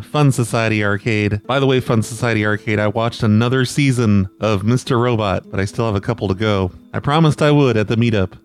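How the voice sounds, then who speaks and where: A man hosting his own prank call show, talking loosely and with self-deprecation, often trailing off unsure. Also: mid-range voice. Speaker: podcast host and prank caller. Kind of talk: casual rambling monologue.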